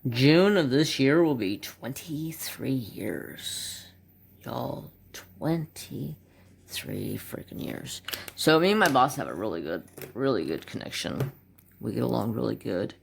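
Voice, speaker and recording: A man's voice: medium pitch, big pitch swings, measured pace, creaky, a little hiss or hum. A man in his forties chatting casually as a craft channel host, rambling and joking with muttered asides while swatching markers at his home desk.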